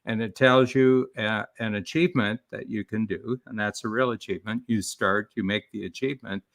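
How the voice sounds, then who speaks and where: A man's voice: lowish voice, fairly even intonation, a little fast, fairly bright tone. A man talking as a business coach and author in a live-streamed interview, explaining his ideas in a rambling way with many restarts.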